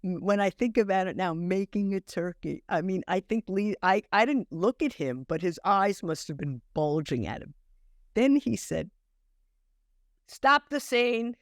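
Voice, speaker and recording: In clean studio sound with no room tone, an older woman with a fairly low voice tells stories as a podcast guest. An acting teacher, she is animated, restarts haltingly, and plays out the dialogue within her anecdotes.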